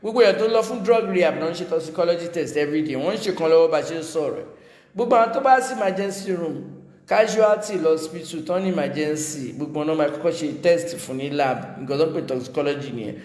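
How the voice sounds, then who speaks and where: A man with a Nigerian Yoruba accent giving casual commentary, animated and mixing Yoruba and English. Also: on the high side. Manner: animated, switching quickly between Yoruba and English. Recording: echoey room with long reverb.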